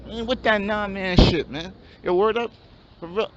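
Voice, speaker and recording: Playing a laid-back young male dreamer for a comedy skit, a man drawls slang in a mumble, his natural voice high and his speed normal. The recording is dull and lo-fi, with a faint hum.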